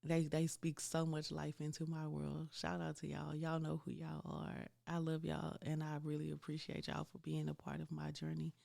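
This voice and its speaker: A woman's voice: low voice, monotone, moderate pace, gravelly, hardly any pauses, warm tone. A woman in her thirties hosting a podcast, telling a candid, faith-filled personal story and talking straight to her listeners. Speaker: podcast host.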